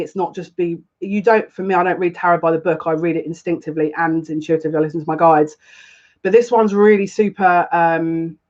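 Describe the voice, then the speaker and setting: A woman hosting a psychic tarot live stream, chatting casually and greeting viewers one by one. She sounds close to tears and talks in an effusive, gushing way. The recording is a little dull and lo-fi. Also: fairly low pitch. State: on the verge of tears. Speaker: psychic tarot reader, channel host.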